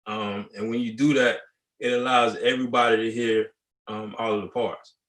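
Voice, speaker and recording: A man's voice: medium pitch, normal speed. Band director guy chatting casual at a masterclass, roomy echo. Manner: relaxed and conversational, acts out students' replies. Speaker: high school band director. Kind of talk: masterclass talk. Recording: echoey room.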